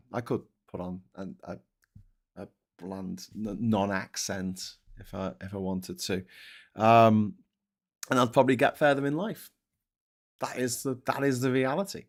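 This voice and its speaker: A man's voice: lowish voice, fairly even intonation, moderate pace. A man with a Scouse accent hosting a casual live stream, reading out viewer comments and answering them bluntly, with plenty of swearing. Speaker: host.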